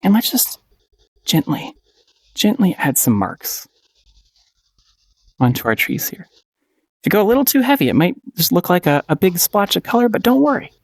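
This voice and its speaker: Playful, animated paint-along instructor. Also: medium pitch, normal speed, long pauses, no room sound, clean studio sound. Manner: playful and encouraging, with frequent giggles and repeated phrases. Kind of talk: casual paint-along tutorial.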